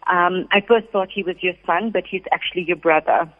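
A woman working as a psychic medium, calmly relaying messages during a radio reading. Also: on the low side, a little fast. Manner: calm, steady, relays messages in first person. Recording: phone-like sound with long reverb.

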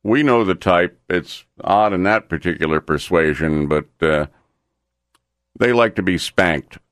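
Male radio co-host, low and unhurried, deadpan, dry studio sound. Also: smooth, no room sound. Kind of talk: casual radio banter.

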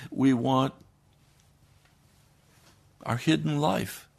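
A man preaching a sermon, swinging between loud declarations and hushed, low passages. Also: steady tone, extremely slow, gravelly.

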